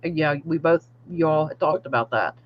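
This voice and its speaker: A woman's voice: sits low, a little fast. Woman co-host on a fan podcast, says y'all, laughs lots, kinda dull muffled mic. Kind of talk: casual fan chat.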